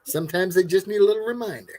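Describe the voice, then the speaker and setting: A man's voice: sits high, racing, darkish tone. A man hosting a casual live stream chat, laid-back and laughing often, sounding tired. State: tired, yawning. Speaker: livestream host.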